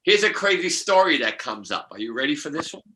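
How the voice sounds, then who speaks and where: A man's voice: a little high, sing-song, a little fast, bright, forceful tone, a little hiss or hum, poor audio. An older man, a numerologist guest, telling rambling spiritual stories with many restarts and laughs.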